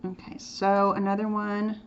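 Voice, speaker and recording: An art teacher with a medium-pitched, monotone voice talks at a measured pace while giving a drawing lesson. She keeps things playful and chatty, slipping into whispered asides as she demonstrates. The recording sounds dull and lo-fi, with faint noise.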